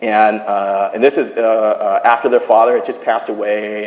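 A man preaching a sermon, retelling a scripture story in animated style and dropping to a hushed voice for quoted lines. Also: lowish voice, normal speed, few pauses, muffled recording. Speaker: pastor. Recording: echoey hall.

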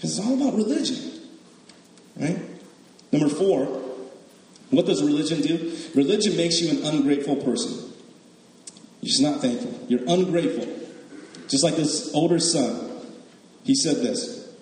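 A man's voice: on the high side, expressive, normal speed, pauses often, darkish tone. A man giving a sermon in a casual, joking way, often checking in with the listeners with "right?". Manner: conversational and joking, tags lines with "right?". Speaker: preacher. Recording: echoey hall with long reverb.

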